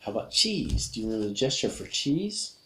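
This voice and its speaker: A man teaching English vocabulary with gestures in a video lesson, upbeat and repetitive, saying each word slowly several times. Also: medium pitch, very animated, bright, forceful tone, a little hiss or hum.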